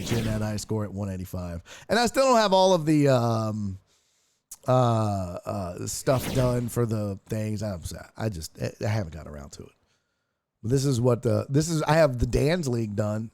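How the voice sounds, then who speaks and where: An excitable man runs his own sports stream, cursing freely as he thanks viewers one by one. His voice bounces all over the place, with a faint hiss of noise under it. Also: medium pitch. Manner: profane, excitable, thanking donors. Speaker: streamer host. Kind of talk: casual sports stream chat.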